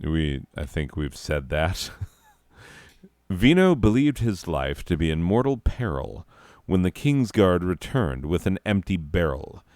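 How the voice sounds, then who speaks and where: A man narrating a comic story in a deadpan, profane, self-mocking way, breaking off into rants. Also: deep voice, slow pace, no echo, clean studio sound. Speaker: comedic narrator.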